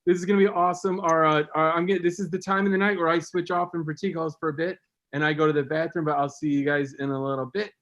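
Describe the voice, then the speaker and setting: A man's voice: a little high, steady tone, fast, a bit bright. A man hosting a comedy show, chatting in an upbeat, laughing way between acts. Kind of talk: casual stage banter.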